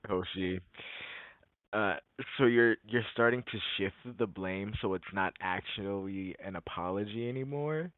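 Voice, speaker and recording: A player speaking in character in a deadpan, formal way. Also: low-pitched, measured pace, no room sound, narrow, tinny audio. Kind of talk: in-character role-play.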